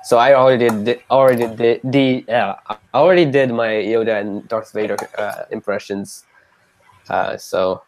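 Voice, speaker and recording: A man's voice: mid-range voice, fairly even intonation, a little hiss or hum. Hesitant man reading chat comments. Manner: hesitant, reading comments aloud, quick bursts. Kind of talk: casual live stream chat.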